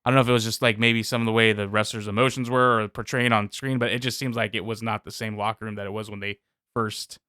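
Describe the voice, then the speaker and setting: Fast-talking man, rambling podcast chat. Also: fairly low pitch, flat delivery, bright, forceful tone, clear, resonant tone, dry recording, clean studio sound. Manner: quick, rambling, hedging. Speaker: podcast co-host. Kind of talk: casual wrestling chat.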